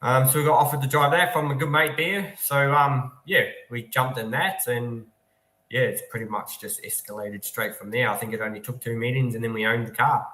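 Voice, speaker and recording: Man from New Zealand, guest driver, bright voice, echoey room, relaxed chat. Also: mid-range voice, moderate pace. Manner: easygoing, technical, many ums. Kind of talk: casual interview.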